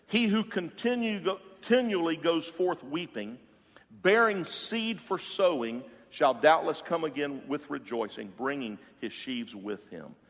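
A man preaching a sermon as pastor, passionate and swinging from loud to hushed. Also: mid-range voice, creaky. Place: church sanctuary. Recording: long hall reverb.

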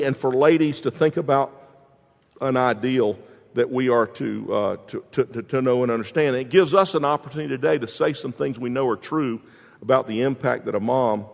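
Creaky and mid-range, a man's voice moves at a moderate pace through a sermon in a room with a big, open sound. The pastor tells stories folksily and restarts frequently.

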